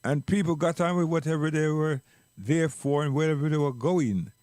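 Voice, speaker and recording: A man telling a personal story slowly and reflectively, repeating words for emphasis. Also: on the high side, a little mellow, dry recording, studio quality.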